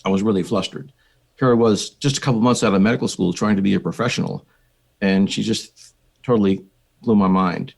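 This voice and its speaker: An older American man speaks in a low, gravelly voice. He talks in a measured, reflective way, like a guest psychiatrist recalling his work on a podcast. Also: darkish tone. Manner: measured, reflective storytelling with occasional fillers. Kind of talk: conversational podcast interview.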